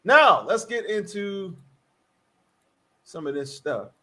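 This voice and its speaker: A man with a fairly high voice hosts a casual live-streamed podcast. He bounces between jokey banter with his co-host and quick shout-outs to viewers in the chat, getting loud when he teases. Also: big pitch swings.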